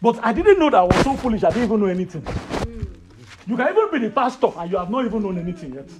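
A man with a Nigerian accent preaching a sermon, telling a personal story in an animated, rising voice. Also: sits high, rapid-fire, background noise. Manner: animated, rises to loud excited storytelling.

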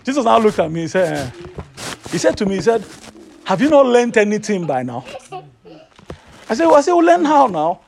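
A man with a Nigerian accent preaching a sermon, telling a personal story in an animated, rising voice. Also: high voice, fairly quick, vocal fry, pauses often, slight background noise. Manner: animated, rises to loud excited storytelling.

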